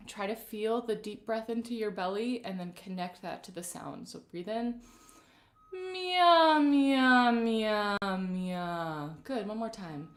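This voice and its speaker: Gentle woman vocal coach, roomy sound. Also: mid-range voice, normal speed, hardly any pauses. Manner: gentle, encouraging, greets viewers by name. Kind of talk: live-streamed vocal warm-up instruction. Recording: roomy echoey live-stream audio.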